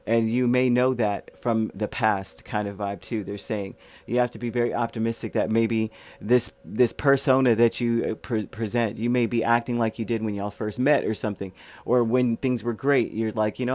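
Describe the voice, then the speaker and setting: A man's voice: mid-range voice, fairly even intonation, moderate pace, few pauses, a little mellow. Chatty man rambling through a tarot reading. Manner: chatty, rambling with many fillers and restarts. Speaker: tarot reader. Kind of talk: casual tarot reading monologue.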